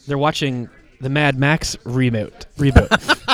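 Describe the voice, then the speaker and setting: A man with a slight cold co-hosts a comic book podcast, retelling a story in casual chat. His medium-pitched voice moves fairly quickly as he rambles with lots of fillers and restarts.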